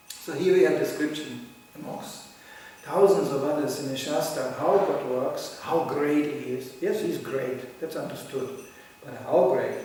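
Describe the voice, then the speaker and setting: A man in his sixties giving a devotional lecture, chuckling often as he tells stories in an animated way. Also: medium pitch, slight background noise. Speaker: spiritual teacher. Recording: echoey hall from far off.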